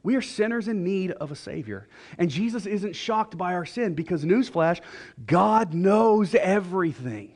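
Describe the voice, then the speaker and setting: A man's voice: high voice, animated, darkish tone. A middle-aged man preaching a sermon in a church, conversational and joking, now and then voicing the people in his stories. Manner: conversational and joking, with quick voiced asides. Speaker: pastor.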